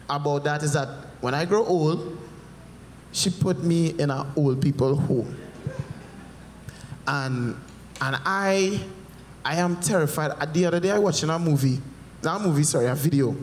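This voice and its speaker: A man performing a stand-up comedy set, telling animated stories and putting on character voices. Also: a little high, a little slow, pauses often, a little hiss or hum. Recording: echoey hall, live performance.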